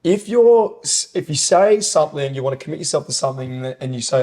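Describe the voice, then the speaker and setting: A man's voice: a little high, animated, a little fast, hardly any pauses, warm tone. A personal trainer on a laid-back podcast, explaining his ideas with eager, rambling energy. He swears casually and circles back to his points as he talks. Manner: enthusiastic, rambling, swearing, quoting sayings.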